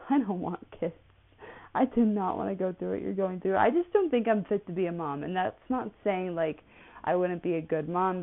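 A woman in her twenties rambling through a casual personal monologue, with many "like" fillers. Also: medium pitch. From United States. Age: 20s. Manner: rambling, chatty, full of "like" fillers. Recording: tinny phone-like audio.

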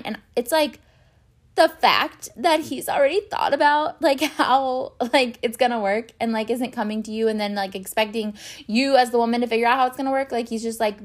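A woman's voice: a little high, animated, normal speed. Exasperated swearing young woman ranting. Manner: exasperated, sarcastic, swears a lot, many fillers. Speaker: show recap vlogger. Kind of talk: casual ranting recap.

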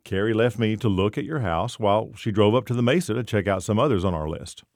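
A man reading the lines of a reserved, soft-spoken divorced woman in her forties, in a dry close recording. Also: lowish voice, quick pace, no echo, lightly acted.

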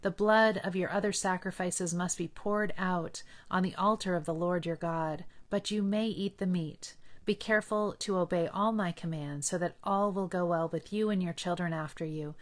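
A woman reading Bible passages aloud in a measured, earnest manner. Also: lowish voice. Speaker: scripture reader.

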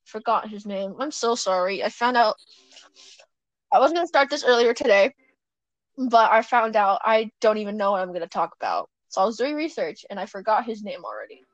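A woman's voice: medium pitch, expressive, brisk, dry recording, muffled recording. A young woman chatting casually at home as a podcast co-host, rambling, giggling and correcting herself as she goes. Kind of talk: casual chat. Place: at home on her bed.

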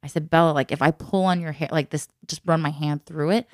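A woman's voice: sits low, fairly even intonation, brisk, dry recording, studio quality. A woman in casual chat who tells stories at length, laughs often and acts out the people she quotes.

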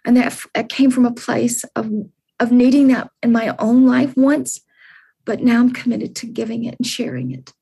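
A woman's voice: on the high side, moderate pace, gravelly, dark tone, slightly rough. A woman in her sixties, an interview guest, speaking earnestly and encouragingly, often repeating her words. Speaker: podcast guest. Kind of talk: heartfelt interview answers.

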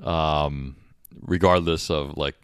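A man's voice: extremely low pitch, steady tone, slow, clean tone, no room sound, studio quality. A man co-hosting a podcast in casual chat, hesitant and thinking aloud with fillers. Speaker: podcast co-host.

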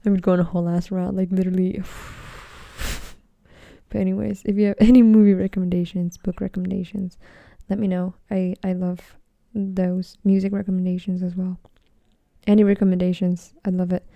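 A woman's voice: lowish voice, flat delivery, brisk, gravelly, no echo, highs cut off. A young woman hosting a casual solo podcast from home, rambling, swearing a lot and sometimes dropping into a whisper. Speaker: podcast host.

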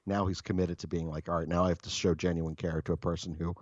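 Very deep-voiced man telling a story. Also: level tone, fast, no room sound, lo-fi sound. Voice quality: many fillers and restarts, swears casually. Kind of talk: casual anecdote.

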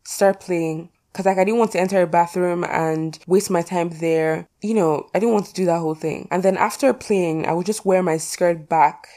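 A woman's voice: on the low side, fairly even intonation, normal speed, hardly any pauses, mellow. Chatty teenage girl podcasting. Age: teens. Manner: chatty, rambling, self-mocking with frequent "like". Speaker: podcast host. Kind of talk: casual solo podcast chat.

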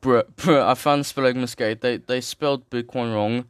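A man's voice: medium pitch, steady tone, normal speed, clean tone, no echo, studio quality. A young man reads a finance article aloud, breaking off for slangy jokes and stumbling over terms. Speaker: streamer reading an article. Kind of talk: casual reading with commentary.

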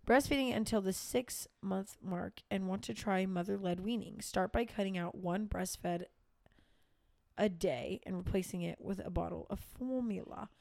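A woman's voice: mid-range voice, normal speed, gravelly, a little mellow, no room sound. A young adult woman co-hosting a casual podcast, chiming in with short reactions and reading things aloud. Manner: reacts with short interjections, reads aloud from phone. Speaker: podcast co-host. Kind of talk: casual chat.

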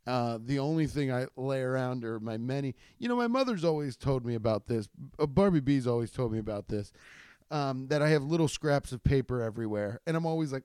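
A man's voice: medium pitch, expressive, quick pace, darkish tone, clear, resonant tone, dry recording, clean studio sound. A man, a stand-up comedian, telling rambling, profane stories in a casual chat with many restarts. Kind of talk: casual storytelling podcast.

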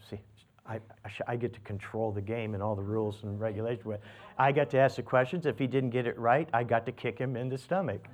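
A man's voice: medium pitch, darkish tone. An older man preaches, easing into a homey personal story. He rambles with plenty of restarts and fillers. He lifts his voice to act out what others said. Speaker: pastor.

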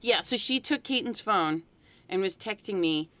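A woman in casual chat, telling a rambling anecdote that trails off softly at the ends. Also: mid-range voice, expressive, moderate pace.

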